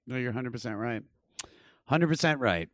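A man hosting a podcast, chatting excitedly and acting out stories with loud impressions. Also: moderate pace, no room sound, studio quality. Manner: excitable, jumps into loud high impressions when telling stories. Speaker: podcast host. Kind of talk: casual podcast chat.

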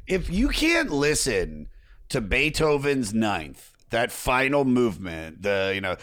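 A man's voice: medium pitch, wildly swooping pitch, measured pace, a bit bright, dry recording. A man hosting a podcast, chatting casually and telling stories animatedly, swearing now and then. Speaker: podcast host.

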